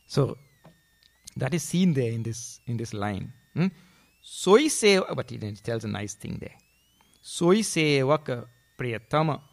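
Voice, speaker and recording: A man giving a scripture discourse as a spiritual teacher, animated, with questioning tags and chanted verse. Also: mid-range voice, gravelly, breathy edge.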